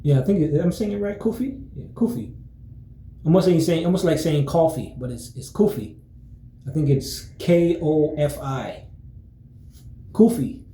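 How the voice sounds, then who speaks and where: A man talking casually to his viewers in a relaxed, rambling way, full of fillers and restarts. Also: a little high, fairly quick, echoey room, rough recording. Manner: relaxed, friendly greetings. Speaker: vlogger. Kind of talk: casual chat to camera.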